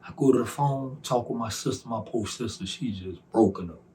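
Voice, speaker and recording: A man's voice: mid-range voice, fairly quick, warm tone, a little hiss or hum. A man with a Southern US accent giving an earnest, emotional personal testimony, repeating himself as he tells his story. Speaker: testimony speaker.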